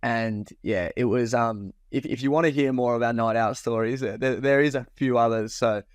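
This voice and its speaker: A young man co-hosting a podcast, recounting a story in easy conversational chat. His voice sits in a middle pitch and is recorded close and dry, with no room sound. He swears casually and slips into quoting himself. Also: normal speed, dry recording. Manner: laid-back, swears freely, acts out his own past lines. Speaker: podcast co-host.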